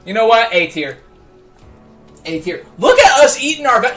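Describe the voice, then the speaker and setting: High bright-voiced livestreaming man. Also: sing-song, moderate pace, soft background music. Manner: rambling, stammering repeats. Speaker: livestream host. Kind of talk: casual livestream chat.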